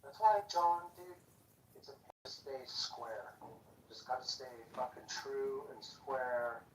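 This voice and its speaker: A man's voice: mid-range voice, animated, slow pace, recorded from a distance. A middle-aged man in casual chat, laid-back and rambling, calling people dude. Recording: roomy, off-mic, faint noise.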